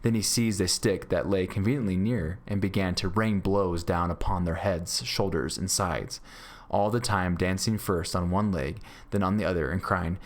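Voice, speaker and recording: A male teacher reads a classic adventure story aloud to his class. His voice is low, and his reading is steady and clear. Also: normal speed. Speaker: grade school teacher.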